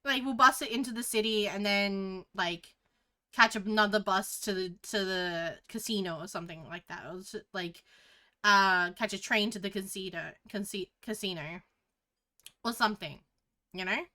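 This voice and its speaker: A woman's voice: mid-range voice, moderate pace, sharp tone. An Australian woman streamer telling a story in a casual, rambling way, often restarting and swearing.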